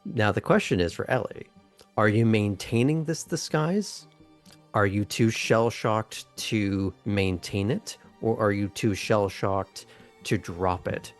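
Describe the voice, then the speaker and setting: A man's voice: on the low side, slow, faint music behind. A man running a tabletop role-playing game as game master, putting questions to his players. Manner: guiding, asks players questions.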